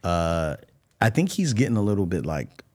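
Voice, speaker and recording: A lower-voiced man in his thirties, chatting on a podcast with an animated, slangy delivery. He tells stories and jumps into quoting people as he goes. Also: moderate pace. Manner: animated storyteller, slangy, acts out quotes. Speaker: podcast co-host. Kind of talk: casual chat.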